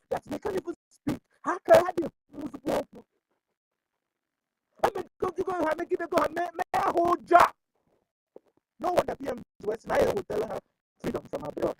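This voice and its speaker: A woman's voice: very high-pitched, creaky, slight background noise, poor audio. A woman with a Nigerian accent giving impassioned commentary as an activist, pleading and firing off rhetorical questions, at times switching into prayer.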